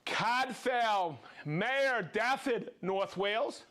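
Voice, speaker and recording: A man hosting a live product show, reading out viewer shout-outs with exuberant, playful energy, whooping and joking between names. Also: high voice, expressive, extremely slow.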